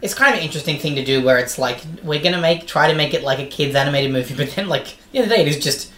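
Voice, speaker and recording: A man co-hosting a podcast in casual chat, quick and opinionated, leaning on "like" as he talks. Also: on the high side, sharp tone, echoey room, slight background noise. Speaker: podcast co-host.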